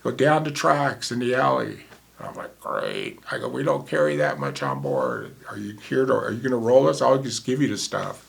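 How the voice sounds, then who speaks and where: Gravelly-voiced man in his 60s. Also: medium pitch, expressive, a little fast. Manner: vivid, reenacts dialogue. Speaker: former paramedic. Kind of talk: casual storytelling.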